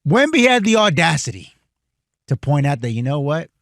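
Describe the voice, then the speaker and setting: Lively male sports host. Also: fairly high pitch, moderate pace, vocal fry, dry recording, clean studio sound. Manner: builds a story toward a played clip. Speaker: sports talk show host. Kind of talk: setting up a clip.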